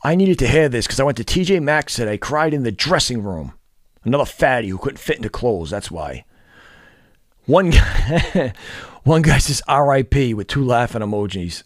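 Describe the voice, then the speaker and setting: A man rants to camera in a blunt, profane, scornful lecture, his pitch swinging widely as he mocks and scolds. The sound is close and dry, with no room around it. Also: sing-song, moderate pace, no room sound. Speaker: fitness and dating vlogger. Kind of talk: blunt ranting monologue.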